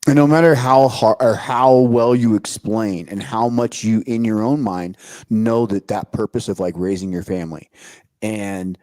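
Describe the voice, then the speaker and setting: A veteran man co-hosting a casual podcast, talking intensely and profanely, with halting phrasing. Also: fairly low pitch, steady tone, warm tone, dry recording. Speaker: co-host, veteran.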